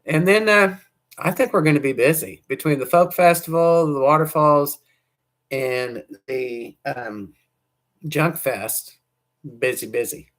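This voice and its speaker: A woman hosts a casual livestream, chatting to viewers in a loose, rambling way. Her voice sounds hoarse, and her sentences often trail off and restart. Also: sits low, measured pace. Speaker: livestream host.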